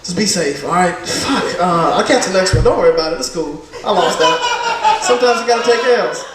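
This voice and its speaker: A man's voice: high-pitched, lively intonation, fast talker, heavy reverb, recorded from a distance, very noisy. Loose, profane stand-up comic man. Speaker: stand-up comedian. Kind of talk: stand-up set. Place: comedy club stage.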